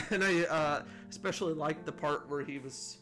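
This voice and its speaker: A man's voice: fairly high pitch, normal speed, fairly bright tone, faint music behind. A man hosting a casual gaming commentary video, rambling with lots of restarts and asides. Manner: rambling, many restarts and asides, chuckles at own jokes.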